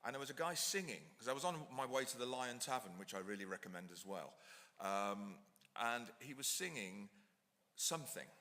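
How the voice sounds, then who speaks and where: Chatty man with a bright voice in a hall. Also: mid-range voice, lively intonation, moderate pace. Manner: digressive, chatty, self-deprecating. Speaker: author reading from his book at a talk. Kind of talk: casual anecdote, then reading aloud. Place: lecture hall at an ideas festival.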